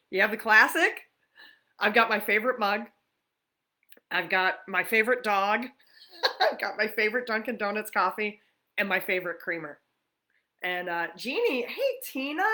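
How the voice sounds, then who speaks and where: A woman's voice: medium pitch, bright, forceful tone. A woman from New York hosting a casual livestream chat, chatty and greeting viewers by name. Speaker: livestream host.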